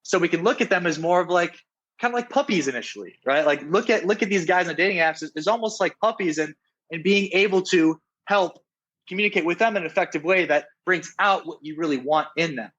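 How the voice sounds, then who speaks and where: A man with a slightly high voice talks as a dating coach in a relaxed interview. He is earnest and often restarts his sentences. He keeps checking in with his listener by asking "right?". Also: brisk, lo-fi sound. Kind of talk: casual interview talk.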